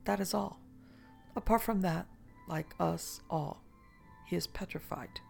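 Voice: medium pitch, unhurried, creaky, darkish tone. A storyteller voicing a woman over a century old who speaks in a detached, languid, world-weary way, with faint music behind. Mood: wry. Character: weary ageless woman, emotionless.

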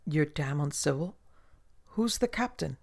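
Storybook castaway gentleman, brusque and demanding, voiced by a man, a gravelly tone. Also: a little high, animated, unhurried, heavily acted. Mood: impatient. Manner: brusque, questioning. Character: indignant shipwrecked English gentleman.

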